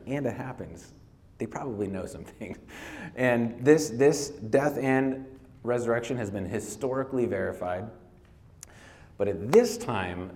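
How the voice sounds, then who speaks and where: A man's voice: mid-range voice, a little mellow. A man preaching a sermon in a conversational way, laughing often and restarting his phrases. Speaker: pastor.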